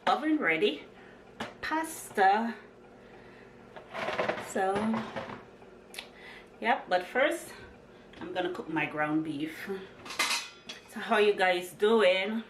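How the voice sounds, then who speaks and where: She walks viewers through a cooking demo from her home kitchen, speaking in a mid-range voice very slowly and pausing often, yet staying chatty and upbeat. The kitchen echoes with clattering pots and dishes and background noise.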